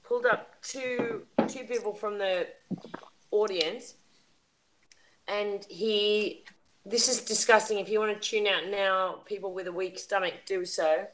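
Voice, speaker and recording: A woman's voice: mid-range voice, a little slow, a bit bright, rough recording. A woman hosting a casual panel chat, talking in an emotional, indignant rant. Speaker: livestream panel host.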